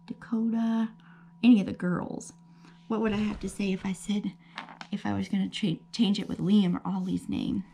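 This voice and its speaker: Patient teacher woman with a gravelly voice. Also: fairly high pitch, a little hiss or hum. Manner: gentle, patient, explaining slowly with many checks like okay. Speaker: elementary school teacher. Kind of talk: remote grammar lesson for young children.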